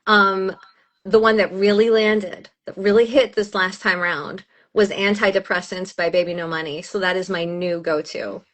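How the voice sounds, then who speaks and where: An animated woman in her thirties chatting as a guest. She gushes, laughs often and talks at an everyday middle pitch, sounding relaxed and personal. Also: normal speed. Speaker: audiobook narrator, guest. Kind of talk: casual chat.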